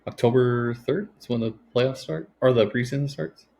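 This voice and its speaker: A man's voice: mid-range voice, moderate pace, vocal fry, a little mellow. A man co-hosting a sports podcast, joking and trading hot takes in casual chat. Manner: joking, offers hot takes, trails off mid-thought. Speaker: podcast co-host.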